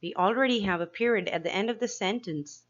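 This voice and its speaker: A woman teacher giving a slow, clear grammar lesson to young pupils, asking them questions as she explains each step. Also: medium pitch, muffled recording. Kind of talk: grade-school grammar lesson.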